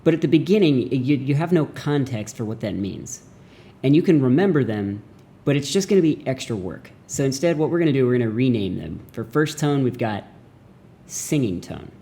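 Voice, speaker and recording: Youngish guy doing a chill mandarin lesson, mellow voice, animated and goofy. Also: medium pitch, a little fast. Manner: animated, jokey, acts out mock voices. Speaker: language teacher. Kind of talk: casual video lesson.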